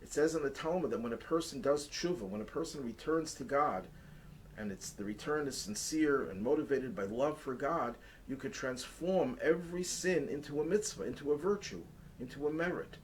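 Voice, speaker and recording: A man voicing a gentle, loving old Hasidic rabbi in a story, speaking reassuringly. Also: medium pitch, moderate pace, slight background noise, close to an everyday voice, rough recording. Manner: warm, reassuring.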